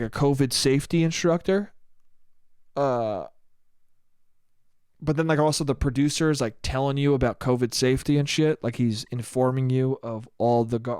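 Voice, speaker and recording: A man's voice: mid-range voice, smooth, dry recording, studio quality. A young man from the United States hosting a casual solo podcast, ranting and swearing freely as he acts out the people in his stories. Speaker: podcast host.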